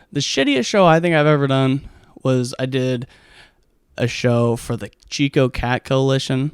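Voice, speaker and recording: Rambling, profane comic, smooth dry voice. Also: male voice, mid-range voice, no echo. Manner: rambling, profane, heavy with fillers. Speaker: stand-up comic. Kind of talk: casual monologue storytelling.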